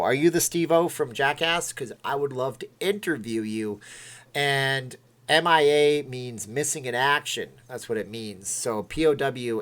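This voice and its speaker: A man's voice: medium pitch, fairly bright tone. A man hosting a casual livestream, rambling and chatting as he reacts to viewer comments. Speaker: livestream host.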